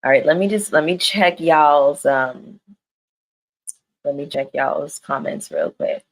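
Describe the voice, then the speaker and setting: A woman's voice: low-pitched, slow pace, gravelly, rough recording. A woman reviewing reality TV on a live stream, talking straight to her viewers in a candid, slangy and profane way. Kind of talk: casual live-stream chat.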